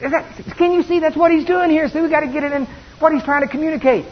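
High-voiced preacher in an echoing hall. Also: male voice, fast. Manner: folksy, animated storytelling with laughs. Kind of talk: sermon. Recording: dull lo-fi recording with long reverb and faint hiss.

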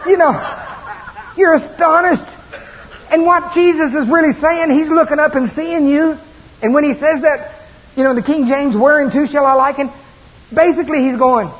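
A man preaching a sermon in a folksy, animated storytelling manner, laughing as he goes. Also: very high voice, normal speed. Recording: dull lo-fi recording with long reverb and faint hiss.

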